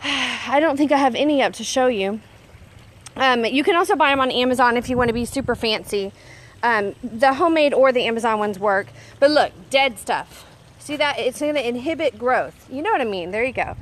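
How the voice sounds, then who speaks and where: A woman's voice: a little high, animated, brisk. A woman in her thirties chatting casually in a garden, giving a bossy, self-teasing pep talk while working outdoors on camera. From Texas. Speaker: homesteading vlogger.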